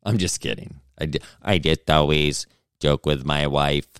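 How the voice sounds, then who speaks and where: A man's voice: a bass voice, fairly even intonation, unhurried, fairly bright tone, clear, resonant tone, no echo, studio quality. A man hosting a solo podcast, rambling through jokes and self-deprecating asides. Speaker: podcast host.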